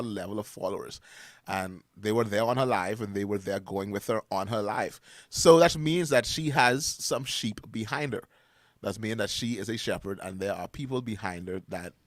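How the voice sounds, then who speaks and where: A man's voice: fairly low pitch, no room sound. A man co-hosting a morning radio talk show, rambling about church with frequent laughs and restarts. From Bahamas. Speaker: radio co-host. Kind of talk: casual chat about faith. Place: radio studio.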